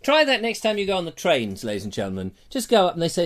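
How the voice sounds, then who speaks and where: A man's voice: high voice, wildly swooping pitch, quick pace. A man hosting a live comic chat show, rambling playfully through jokey stories. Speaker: host.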